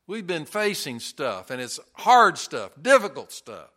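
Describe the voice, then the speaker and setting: Lively, bright-voiced preacher man. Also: a little high, measured pace. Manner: earnest, storytelling preacher with folksy humor. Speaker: pastor. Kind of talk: sermon.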